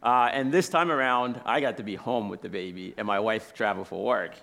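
A man's voice: on the low side, brisk, gravelly, fairly bright tone. Casual, chatty male preacher. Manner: casual, chatty, laughs while telling stories. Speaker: guest preacher. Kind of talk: sermon with personal stories. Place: church sanctuary.

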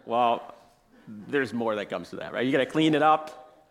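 A man's voice: medium pitch, lively intonation, moderate pace, vocal fry. A man in his thirties preaching in a church as a guest speaker, telling personal stories in a casual, chatty way and laughing as he goes. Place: church sanctuary.

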